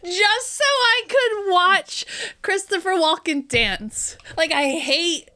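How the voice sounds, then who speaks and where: A woman's voice: very high-pitched, lively intonation, takes it slowly, sharp tone. A woman co-hosting a casual, tipsy chat, giggly, loose and unfiltered, swearing freely. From New York State. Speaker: podcast co-host.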